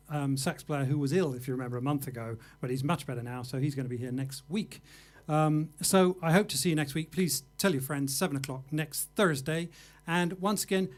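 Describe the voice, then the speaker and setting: A man hosting a livestream jazz show, wrapping up the evening in a rambling, self-mocking way. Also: a little high. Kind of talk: casual live show wrap-up.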